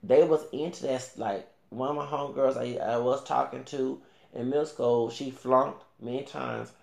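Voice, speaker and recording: A man's voice: medium pitch, steady tone, moderate pace, creaky, darkish tone, roomy sound. A man ranting casually to camera as a YouTuber, rambling with many restarts and fillers and talking back directly to another creator.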